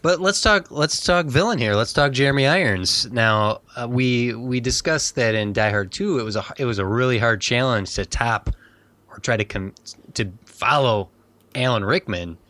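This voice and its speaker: Male podcast co-host, mid-pitch, animated film talk, dry sound. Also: moderate pace, no room sound. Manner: animated, acts out quoted lines. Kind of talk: casual film discussion.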